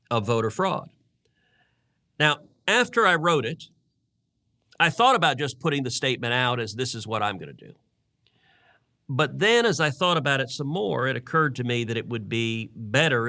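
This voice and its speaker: A man's voice: mid-range voice, sharp tone. A middle-aged man and podcast host recounting events in earnest conversational storytelling, often repeating words as he restarts.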